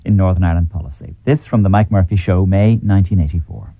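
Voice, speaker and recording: Brisk low-voiced radio presenter. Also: male voice, phone-quality sound. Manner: brisk, announcing. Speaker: radio presenter introducing archive clip. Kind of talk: scripted radio introduction.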